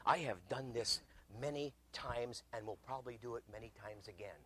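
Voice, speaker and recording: A middle-aged man preaching as a guest pastor, telling stories conversationally and swinging from loud emphasis to quiet asides. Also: lowish voice, quick pace, few pauses, slight background noise, poor audio. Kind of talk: sermon.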